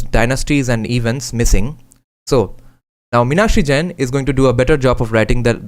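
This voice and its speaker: A man with an Indian accent, reading from a book and adding casual spoken commentary. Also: medium pitch. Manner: reads passages then adds quick remarks, switching into Hindi.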